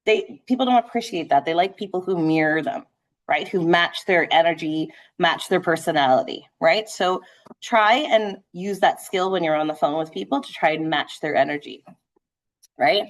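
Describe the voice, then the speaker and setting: A woman real estate trainer leading a live sales training session, talking fast and animated, checking in with "right?" as she goes. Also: on the low side. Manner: conversational, frequent "right?" checks.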